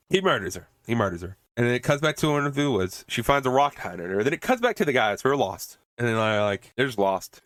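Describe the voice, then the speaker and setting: A man hosting a podcast talks through a movie's plot in a loose, rambling way, swearing freely and chuckling at the story. His voice sits at an ordinary middle pitch and is recorded close, with a dry sound and no room echo. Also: a bit bright. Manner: rambling, profane and laughing. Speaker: podcast host. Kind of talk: casual movie recap.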